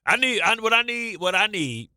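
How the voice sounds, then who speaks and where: A man's voice: high voice, sing-song, normal speed, bright, forceful tone, no echo, clean studio sound. A man hosting a sports radio show, talking in nervous, stammering, repeating bursts of banter. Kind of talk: excitable sports talk banter.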